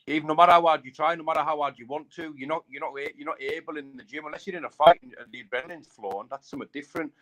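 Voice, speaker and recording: A man's voice: a little high, fairly bright tone. A man, a bare-knuckle fighter, chatting casually and rambling, repeating himself and saying mate a lot. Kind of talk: casual live chat.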